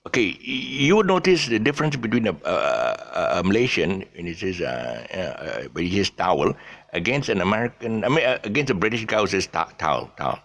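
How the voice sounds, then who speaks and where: Deep-voiced man teaching pronunciation, lively. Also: brisk, vocal fry, hardly any pauses. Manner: repeats words many times, stammers and restarts; demonstrates sounds in exaggerated pitch jumps. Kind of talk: classroom pronunciation lesson.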